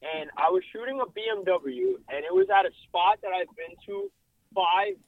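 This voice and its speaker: A young man telling a story in a casual interview, animated and full of fillers, calling in over a breaking-up phone line. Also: high-pitched, normal speed, creaky, dry recording. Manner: animated, filler-heavy, swearing. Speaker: car photographer guest. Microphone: phone call, breaking up. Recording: dry thin phone line.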